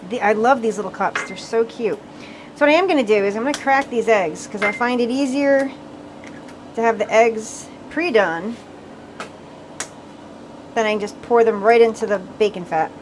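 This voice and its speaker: Woman, slightly high voice, chatty home-cooking vlogger, camera mic in a kitchen with faint room hum. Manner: chatty, narrates each step. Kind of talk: casual cooking demo.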